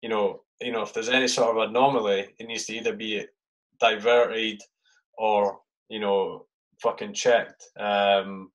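A man's voice: on the low side, flat delivery, a little slow, highs cut off. A man hosting a casual podcast interview, rambling with fillers and frequent swearing. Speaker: podcast host.

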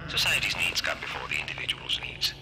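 Cold, hushed horror-game figure. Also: male voice, very deep voice, very animated, quick pace, heavily acted. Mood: ominous. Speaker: game character voice. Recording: noisy game audio captured on stream.

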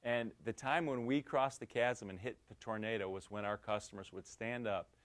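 A middle-aged man giving a lecture, telling lively anecdotes and acting out the dialogue, with frequent restarts. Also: on the low side, moderate pace. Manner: lively storytelling, acts out quoted dialogue, many restarts. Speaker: guest speaker.

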